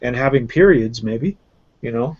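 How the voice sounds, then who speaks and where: A man's voice: mid-range voice, animated, normal speed, darkish tone, slightly rough. A man giving blunt, scornful opinions in casual chat on a group video call, with frequent fillers. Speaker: round table panelist. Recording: dull lo-fi call audio.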